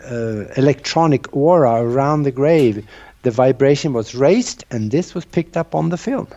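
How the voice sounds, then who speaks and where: A man's voice: medium pitch, animated, normal speed, dark tone. A man interviewed as a researcher, explaining his ideas and telling stories in an earnest, conversational way. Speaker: guest researcher. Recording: dull lo-fi sound.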